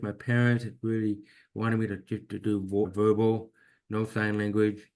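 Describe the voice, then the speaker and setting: A man with a deaf accent speaks briskly in a fairly low voice with fairly even intonation, sharing his own story as an interview guest. Earnest and reflective, he repeats words when he begins a phrase again.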